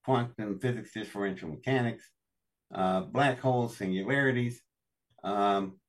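A man's voice: lowish voice, unhurried, distant mic. An older man from West Virginia, a show guest telling long folksy stories with chuckles. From West Virginia, USA. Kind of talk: storytelling interview.

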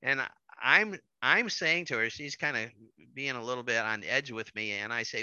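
A middle-aged man telling a personal story in casual conversation, animated and repeating his words as he acts out quotes. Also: medium pitch, moderate pace, smooth, no room sound, dull audio.

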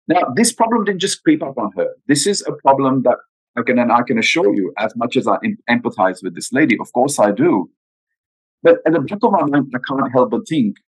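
A man's voice: medium pitch, expressive, a little fast, slightly rough, poor audio. A man talking in an interview about retirement planning, earnest and emphatic, with frequent rhetorical questions. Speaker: guest financial adviser. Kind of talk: podcast interview.

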